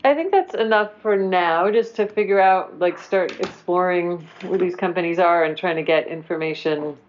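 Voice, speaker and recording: A woman's voice: on the low side, normal speed. Boston-accented woman chairing a meeting. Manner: chatty, self-correcting, laughs easily. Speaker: committee chair. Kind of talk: meeting discussion. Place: meeting room. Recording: dull lo-fi local TV audio.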